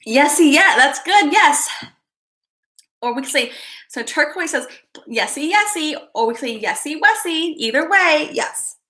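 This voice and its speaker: Woman, live-stream host, giggly and chatty, bright forceful voice, a little high. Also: lively intonation, unhurried, pauses often. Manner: giggly, chatty, often laughing and slipping into soft asides. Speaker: livestream host reading viewer comments. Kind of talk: casual live-stream chat.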